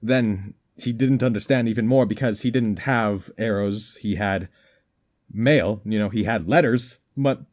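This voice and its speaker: A man's voice: on the low side, measured pace, a little mellow. A man giving goofy, rambling commentary over a game, with a slightly worn voice. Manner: goofy, rambling, jokey asides. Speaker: gaming commentator.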